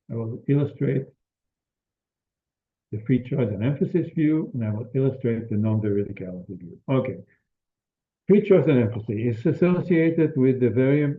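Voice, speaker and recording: An older man, a native Dutch speaker, giving an academic seminar lecture on linguistics in a hesitant, explanatory way with frequent restarts. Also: medium pitch. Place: lecture room. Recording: echoey room over a thin phone-like line.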